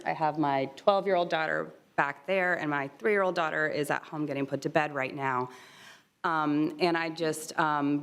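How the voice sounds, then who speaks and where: A woman's voice: sits low, clean tone. A woman in her thirties, a resident, pleading sincerely but hesitantly, with many ums, at a podium microphone in a city commission chamber. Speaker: resident speaking at public comment. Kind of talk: public comment at a city meeting.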